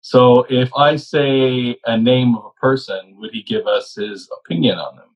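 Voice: mid-range voice, a little slow, dull audio. An interviewer asking questions in a casual, hesitant way.

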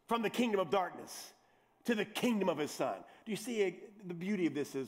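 High-voiced man preaching with lively asides. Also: a little fast. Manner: lively, joking asides to the congregation; repeats words and restarts when excited. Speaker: pastor. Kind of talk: sermon.

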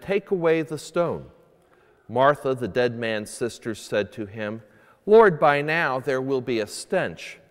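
A man, a priest, reading the gospel and preaching a homily at Sunday mass, earnest and emphatic when he asks questions. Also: medium pitch. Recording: echoey church with long reverb.

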